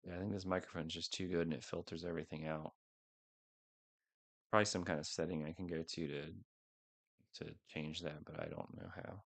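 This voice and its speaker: A man's voice: sits low, little pitch movement, fairly quick, pauses often, a bit bright. A man hosting a casual livestream, rambling and unsure as he talks to a few viewers on a headset microphone. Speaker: livestream host.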